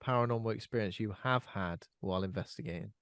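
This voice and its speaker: A man hosting a podcast who asks a guest a question in a halting way, with fillers and restarts. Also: lowish voice, a bit bright, no echo, studio quality. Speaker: podcast host. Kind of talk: casual chat.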